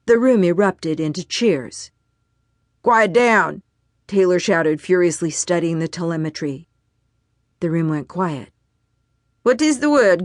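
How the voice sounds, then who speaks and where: A woman whose voice sits on the low side narrates an audiobook with a calm, even storytelling delivery. The studio sound is clean, with no echo.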